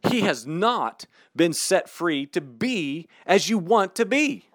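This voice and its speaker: A man preaching a sermon in an emphatic, candid, animated way. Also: high voice, takes it slowly, no echo.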